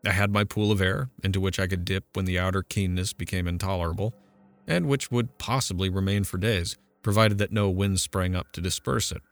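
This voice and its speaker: A man's voice: deep voice, fairly even intonation, a little fast, no echo. A man reading an audiobook, voicing a haunted, defiant young man who recounts his ordeal with intense urgency. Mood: urgent.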